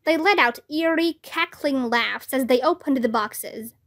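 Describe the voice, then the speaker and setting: A woman reading a children's chapter book aloud, slow and deliberate. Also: high voice. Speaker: read-aloud narrator.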